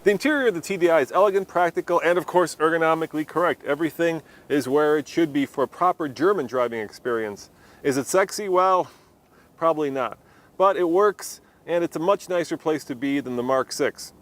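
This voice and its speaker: A man's voice: fairly high pitch, brisk. A man giving a jokey, enthusiastic first-drive car review from inside a moving car. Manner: jokey and enthusiastic, laughs often.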